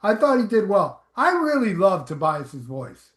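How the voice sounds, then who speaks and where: A man with a high voice praises a show with enthusiasm, repeating himself. He sounds roomy, with echo around him. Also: very animated, measured pace. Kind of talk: casual review chat.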